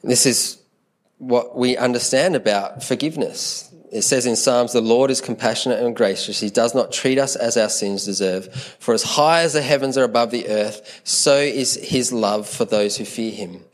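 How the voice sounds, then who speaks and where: A man's voice: mid-range voice, moderate pace. A man preaching a sermon in an earnest, conversational way, often repeating words as he thinks aloud.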